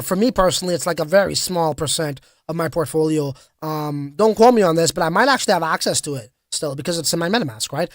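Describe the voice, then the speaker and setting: A man with a voice that sits high hosts a casual crypto livestream, talking loosely and reading out viewer comments. He's slangy and hyped, full of fillers and restarts. The sound is dry and close, with no echo or room around it.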